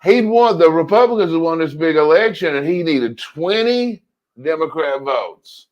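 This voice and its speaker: A man co-hosting a casual political chat, telling long rambling stories with animated asides. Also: fairly high pitch, normal speed, highs cut off. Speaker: co-host.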